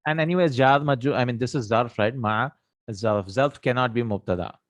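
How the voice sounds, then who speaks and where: A man's voice: medium pitch, brisk, no echo. A man teaching Arabic grammar in English, explaining step by step, asking and answering his own questions, and dropping Arabic terms into his speech. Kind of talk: live online grammar lesson.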